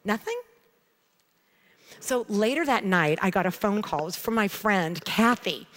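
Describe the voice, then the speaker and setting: Woman, middle-aged, devotional talk, chatty storytelling, animated. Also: mid-range voice, a little slow. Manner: conversational storytelling, animated retelling. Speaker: Bible teacher. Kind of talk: devotional teaching with personal story.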